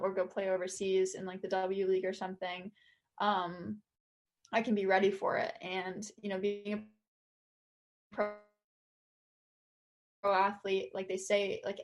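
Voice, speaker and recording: A young woman, a college soccer captain, talking earnestly and casually as a podcast guest, with lots of filler words. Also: mid-range voice. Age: young adult. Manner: earnest, chatty, many "like" fillers.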